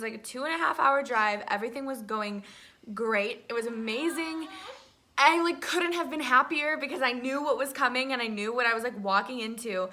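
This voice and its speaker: A young woman telling an excited storytime vlog, swearing often and filling her talk with "like". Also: sits high. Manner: breathless, swearing, lots of "like" fillers. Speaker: vlogger.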